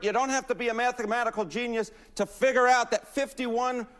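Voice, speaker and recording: A man's voice: very high voice, fairly even intonation, fairly quick, fairly bright tone. A man giving TV news poll analysis in a punchy, emphatic, folksy manner.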